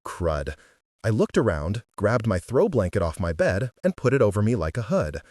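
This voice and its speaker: Man narrating an audiobook, husky voice, dry close sound. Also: fairly low pitch, sing-song, normal speed, darkish tone, dry recording. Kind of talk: scripted narration.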